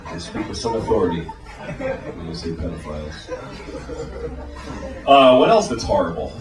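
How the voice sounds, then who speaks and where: An American man performing stand-up with a wildly animated delivery, his pitch sitting a little high and leaping around as he builds each bit. He sounds some way off the mic in an echoing room, with a big audience and heavy noise all around. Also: normal speed, over a noisy crowd. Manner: animated, shouting punchlines in put-on voices. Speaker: stand-up comedian. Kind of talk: stand-up comedy set. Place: comedy stage before a live audience. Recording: roomy live venue recording from a distance. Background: audience laughter.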